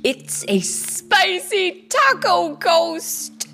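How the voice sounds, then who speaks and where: A woman voicing an excitable, goofy male superhero who exclaims in a lively, rising voice. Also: very high voice, very slow, creaky, soft background music, voice pushed up, exaggerated voice. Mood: spooked.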